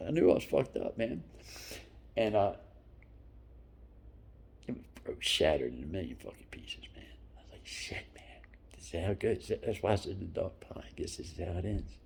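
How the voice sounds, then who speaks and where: Man, 50s, low husky gravel, lively swings in pitch, profane rambling storyteller with whispered asides.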